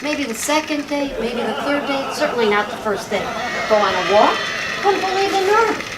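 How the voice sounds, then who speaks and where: A woman's voice: high-pitched, expressive, moderate pace, over a noisy crowd, very noisy. A woman from Chicago performing a chatty stand-up set, telling dating stories and acting out punchlines on a lounge stage, recorded in an echoey room from a distance. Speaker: stand-up comedian. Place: lounge stage with live audience.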